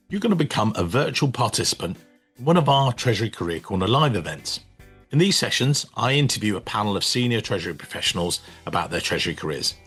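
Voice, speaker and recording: A male podcast host delivers an upbeat, scripted introduction in a fairly low voice. Soft music plays behind him. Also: husky.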